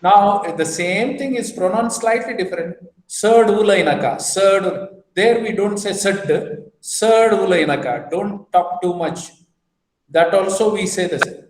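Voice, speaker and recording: A man's voice: sits high, unhurried, reverberant, rough recording. A man teaching a beginners' language class over a video call, patiently repeating phrases and explaining them with examples.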